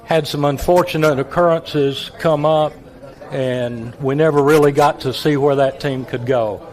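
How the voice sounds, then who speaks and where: A man, a retired stadium announcer, telling stories in a folksy, halting way with repeated words. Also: a little high, steady tone. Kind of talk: reminiscing guest on a talk show.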